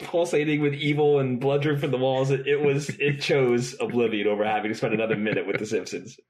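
A man's voice: medium pitch, steady tone, quick pace, poor audio. A man co-hosting a podcast, chatting casually, recapping scenes with frequent giggles. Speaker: podcast co-host. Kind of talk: casual chat.

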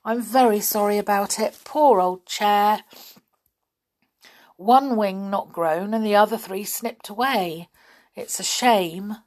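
A woman's voice: mid-range voice, slow, a little mellow, natural voice. A woman voicing a cheerful, confident young boy in a children's storybook. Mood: sorry.

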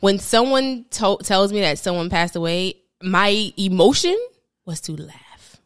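A woman's voice: mid-range voice, animated, a little slow, clean tone, no room sound. Woman, podcast host, candid and rambling, dry close sound. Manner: candid, rambling, casual swearing. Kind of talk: casual podcast chat.

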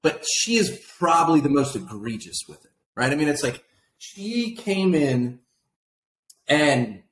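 A slightly high, fairly bright male voice with lively intonation and a somewhat slow pace comes from a podcast co-host in casual political chat. He's animated, laughing and mimicking others, recorded in an echoey room with faint background noise.

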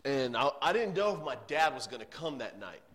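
A man, preaching a sermon as a youth pastor and telling a personal story earnestly, rising to loud emphasis and dropping to hushed tones. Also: medium pitch, big pitch swings, fairly quick.

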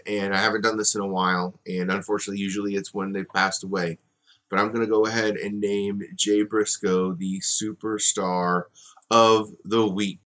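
A man with a fairly low voice hosts a solo podcast. He talks in a relaxed, wandering way, full of fillers and side comments. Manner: conversational, rambling with fillers and asides. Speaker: podcast host.

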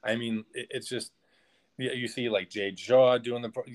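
A man speaking as a podcast guest, rambling through a personal story with lots of restarts and filler words. His pitch sits in the middle of the male range, and his talk stays loose and conversational. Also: fairly even intonation, moderate pace.

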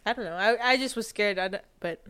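A woman's voice: mid-range voice, fast talker, fairly bright tone, smooth. A young woman co-hosting a podcast, rambling in casual chat with lots of fillers and restarts. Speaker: podcast co-host.

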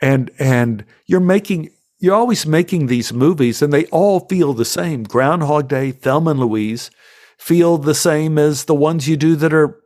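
Slightly high in pitch and a little slow, this middle-aged American man is an actor guest spinning yarns on a podcast. He's lively in the interview and performs quotes in silly voices.

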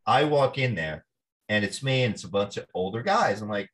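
Animated New man telling stories. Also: lowish voice, moderate pace. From New Jersey. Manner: animated storyteller, acts out quoted voices. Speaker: actor guest. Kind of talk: storytelling interview.

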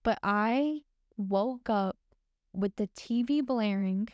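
A woman's voice: medium pitch, takes it slowly, a little mellow, clear, resonant tone, no room sound. A young woman co-hosting a podcast, casually and emotionally retelling a frightening night. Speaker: podcast co-host. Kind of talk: casual storytelling.

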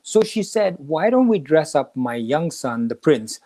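A man's voice: a little high, very animated, unhurried, warm tone. A man hosting a spiritual talk, retelling a story in a casual way and acting out the characters' lines. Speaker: podcast host.

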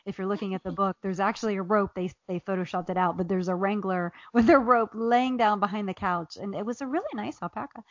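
A woman's voice: mid-range voice, fast talker, hardly any pauses, no echo, dull audio. Chatty woman telling funny stories. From Ohio, USA. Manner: chatty storyteller, laughs often. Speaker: author and guest. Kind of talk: casual interview chat.

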